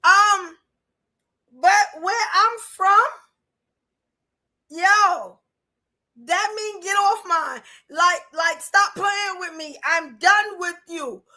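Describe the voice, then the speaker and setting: A woman's voice: very high voice, drawn-out words, long pauses, low-quality recording. A woman host with a Brooklyn accent, reacting and chatting bluntly to her audience. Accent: New York. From Brooklyn, New York. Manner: animated, laughing, blunt. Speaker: podcast host. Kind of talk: casual reaction commentary.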